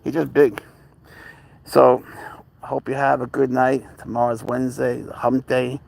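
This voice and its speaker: A man's voice: medium pitch, level tone, measured pace, gravelly, darkish tone. A man hosting a casual live stream with his pet cat. He rambles through stories in a conversational way and breaks into baby talk when he speaks to the cat. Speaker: livestream host and pet owner; teacher.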